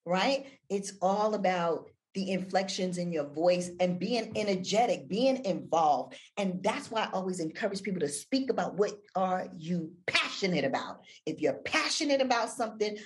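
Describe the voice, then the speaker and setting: An older woman talking on a video call as an interview guest, animated, with big swings between loud and near-whispered delivery. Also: on the low side, moderate pace. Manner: animated, wide swings of inflection, drops to near-whisper for effect. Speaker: guest, audio-room moderator.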